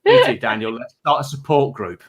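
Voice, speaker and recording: A man's voice: mid-range voice, huge pitch swings, brisk, dull audio. A man in his thirties hosting a comedy panel show, rambling and self-deprecating with stumbling restarts. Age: 30s.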